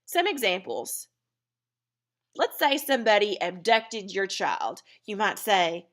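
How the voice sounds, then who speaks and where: A woman teacher talks through a recorded grammar lesson, breaking each point into small steps. Her voice is bright and forward, at an ordinary middle pitch. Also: sing-song, slow. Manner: step-by-step explaining.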